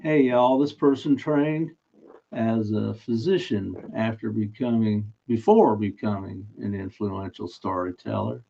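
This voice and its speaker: A man's voice: on the low side, unhurried, vocal fry, mellow. A man hosting a casual live stream, chatty and self-mocking, often laughing mid-sentence. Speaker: live stream host running a daily trivia guess. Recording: dull lo-fi stream audio.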